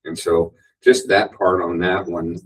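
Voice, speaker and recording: Husky low-voiced man on a panel. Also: unhurried, distant mic, poor audio. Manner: conversational, animated when quoting. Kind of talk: casual panel discussion.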